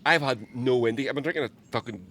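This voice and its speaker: A man's voice: mid-range voice, quick pace, slight background noise. A man, hosting a podcast and telling stories in a casual chat, swearing and laughing often. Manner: swearing, laughing, animated storyteller. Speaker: podcast host, musician. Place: garden outdoors.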